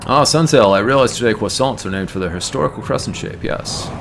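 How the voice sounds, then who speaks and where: A man's voice: mid-range voice, lively intonation, brisk, gravelly, noisy background. A man streaming a game, chatting casually and musing aloud about words as he plays. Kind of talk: casual gameplay commentary.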